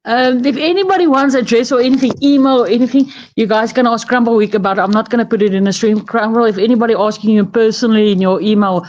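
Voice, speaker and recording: A woman's voice: a little high, fast talker, few pauses, a little mellow, muffled recording. A woman from South Africa with a South African accent, chatting casually on a live stream from her bed, rambling and laughing often. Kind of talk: casual chat. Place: lying on her bed at home. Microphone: phone.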